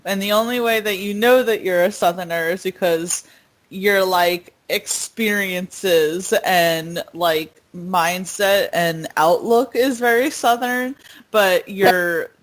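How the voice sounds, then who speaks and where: Speaking slowly at a medium pitch, a woman co-hosting a podcast spins stories in relaxed chat and frequently breaks into laughter.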